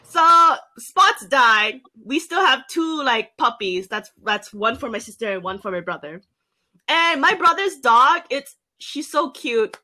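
A young woman from an island telling a story in a casual chat, lively and full of fillers, jumping into high quoted voices. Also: unhurried.

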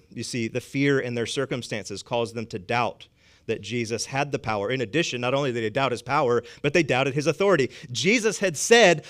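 A male pastor preaching a sermon in a conversational way, swinging between loud emphatic lines and hushed ones, often repeating words as he goes. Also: medium pitch, moderate pace. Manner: frequent stammered repeats.

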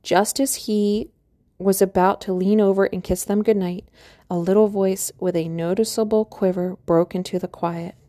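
A woman calmly narrating an audiobook in a measured storytelling manner. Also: medium pitch. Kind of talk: scripted narration.

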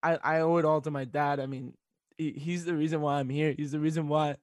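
A teenage boy, a student radio sports director, talks on air while fighting back tears, halting and laughing. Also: fairly high pitch, level tone, no echo. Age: teens. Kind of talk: emotional casual chat on radio.

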